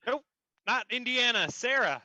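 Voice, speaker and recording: A man's voice: very high-pitched, expressive, normal speed, bright, forceful tone, no echo, dull audio. A man co-hosting a casual online trivia quiz, calling on players and teasing them playfully. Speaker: co-host running the quiz.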